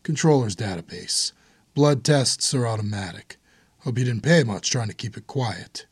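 A man's voice: mid-range voice, lively intonation, moderate pace, husky, dry recording. A man voicing a grim, blunt hardened older brother in an audiobook.

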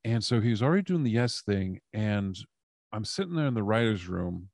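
A man with a very low, gravelly voice tells casual stories as a podcast guest. He rambles, stopping and restarting with lots of fillers. The sound is dry and close, with no room echo. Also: lively intonation, a little fast, a little mellow. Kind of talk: casual storytelling.

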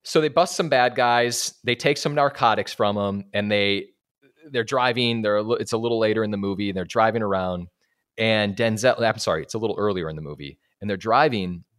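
A man's voice: on the low side, brisk, clear, resonant tone. A man on a podcast, casually retelling a film scene and acting out its lines with loose, profane talk. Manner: animated storyteller acting out lines. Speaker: podcast co-host.

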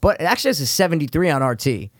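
A man's voice: fairly high pitch, big pitch swings, very fast, no room sound, studio quality. A young man co-hosting a podcast in casual, swearing banter, loose and joking. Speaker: podcast co-host.

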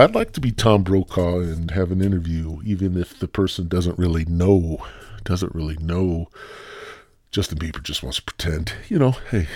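A man hosts his podcast alone, rambling and cracking crude jokes in a very deep, husky voice that swings widely in pitch. He sounds a bit stuffy and short of breath, recorded dry and close to the mic. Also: a little mellow, dry recording. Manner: rambling, profane, joking. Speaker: podcast host. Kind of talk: solo casual podcast rant.

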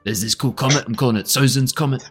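A man's voice: mid-range voice, fast, fairly bright tone, slightly rough, faint music behind. A man voicing a boastful male fire lord with a New Zealand accent and an offhand, smug way of talking.

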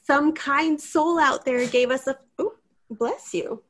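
A woman's voice: high-pitched, slow, fairly bright tone. A woman voicing a chatty female house cat who hosts a podcast, bubbly and rambling. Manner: bubbly, rambling, self-interrupting. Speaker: podcast host. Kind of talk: casual chat.

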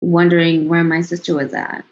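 A woman in her thirties with a somewhat low voice tells a personal story in a relaxed interview. She talks in a chatty way, laughs often and trails off before restarting. The recording is dull and lo-fi. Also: moderate pace. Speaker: interview guest. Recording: dull lo-fi sound.

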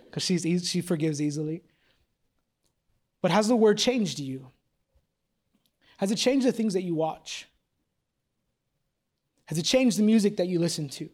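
A high-pitched man in his thirties delivers a sermon. His speech is casual and self-mocking, full of fillers and restarts. He then builds to a run of pressing, repeated questions. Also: lively intonation, moderate pace, long pauses. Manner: casual, joking, confessional, with many fillers and restarts. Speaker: pastor.

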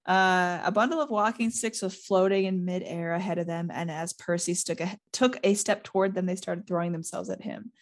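A woman's voice: lowish voice, fairly even intonation, moderate pace, hardly any pauses. A woman hosting a casual chat, giggly and chatty, retelling a novel and reading passages aloud. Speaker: podcast host.

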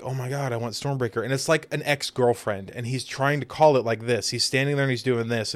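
A man co-hosting a casual podcast chat, excitable and swearing freely, acting out movie scenes. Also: mid-range voice. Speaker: podcast co-host.

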